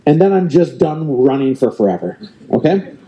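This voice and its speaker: A man's voice: on the high side, animated, normal speed, mellow, lo-fi sound, slight background noise. A middle-aged man, a real estate team leader, giving an emphatic motivational keynote on stage and coaching the audience directly with lots of repetition. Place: event stage before a live audience.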